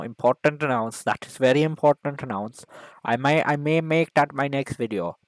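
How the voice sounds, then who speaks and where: A man giving a mock lecture in a video, rambling and hesitant, full of fillers, deadpan, with broken grammar. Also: medium pitch, dry recording, low-quality recording. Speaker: video maker.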